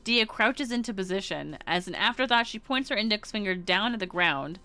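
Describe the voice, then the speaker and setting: A woman's voice: mid-range voice, expressive, a little fast, sharp tone, clear, resonant tone. A woman streamer casually reading game text aloud, giggling now and then. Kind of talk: reading a visual novel aloud.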